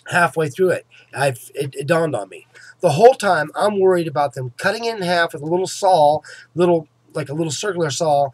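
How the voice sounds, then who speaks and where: A man's voice: fairly high pitch, brisk, dry recording. A man telling the story of a painful tooth extraction in a casual vlog, emphatic and swearing, often asking "okay?", with a sore jaw. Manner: emphatic, swears freely, keeps checking in with "okay?". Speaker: vlogger.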